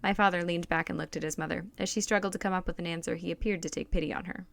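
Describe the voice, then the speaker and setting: Gravelly low-voiced woman reading a novel. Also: fairly even intonation, rapid-fire, no echo. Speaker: audiobook reader. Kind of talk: first-person novel narration read aloud.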